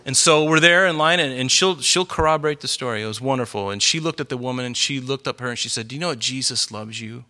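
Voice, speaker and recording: A middle-aged man preaching a sermon in an earnest, conversational storytelling way, growing animated as he goes. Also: mid-range voice, fast talker, hardly any pauses. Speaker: pastor.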